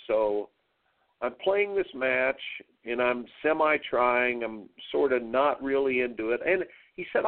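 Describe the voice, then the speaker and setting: Gravelly man on a tinny radio line. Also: mid-range voice, normal speed. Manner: rambling, repeats words, tells stories with quoted dialogue. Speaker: tennis coach hosting a weekly radio show. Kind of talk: anecdotal radio talk. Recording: narrow phone-like radio line.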